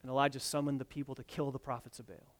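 A man preaching a sermon, swinging from loud emphatic lines to quiet asides and retelling scripture stories with lively quoted dialogue. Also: mid-range voice, fast talker. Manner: dynamic preaching, swells loud on key points then drops soft. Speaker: pastor.

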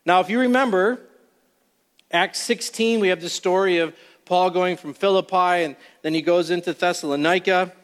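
A man with a somewhat high voice teaches through scripture in a church sanctuary, stressing key words with slow, deliberate emphasis. His voice carries a long reverb that rings through the big hall. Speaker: pastor. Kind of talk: expository sermon.

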